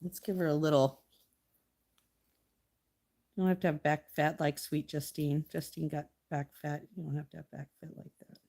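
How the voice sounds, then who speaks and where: A woman's voice: deep voice, little pitch movement, normal speed, creaky, pauses often, mellow. Chatty middle-aged woman painting live. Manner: chatty, talks to her painting and viewers. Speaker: artist livestreaming. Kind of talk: casual chat while painting.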